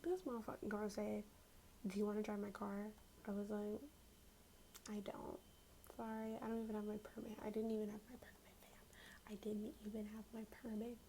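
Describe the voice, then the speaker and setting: Soft-spoken young woman, gravelly and dark. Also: mid-range voice, little pitch movement, normal speed, slight background noise, rough recording. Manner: casual, slangy, drifts in and out of whisper. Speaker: ASMR storyteller. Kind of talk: soft-spoken ASMR storytime.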